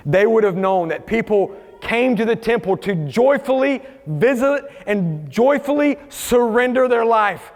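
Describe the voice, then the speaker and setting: Man, pastor, high voice, animated sermon, long reverb of a church hall. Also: moderate pace. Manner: animated preaching, acts out quoted voices. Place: church sanctuary.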